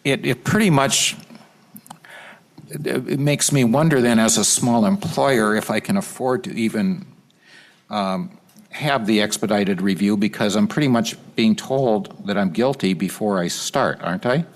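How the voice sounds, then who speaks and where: A male state legislator at a committee hearing, talking haltingly with many restarts, earnest and concerned. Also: on the low side.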